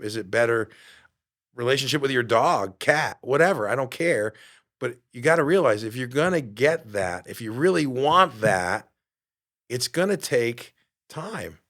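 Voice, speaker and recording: A man's voice: medium pitch, a bit bright. Emphatic middle-aged man hosting a podcast. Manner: emphatic and preachy, asks the listener rhetorical questions; swears casually. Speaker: podcast host. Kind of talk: motivational podcast talk.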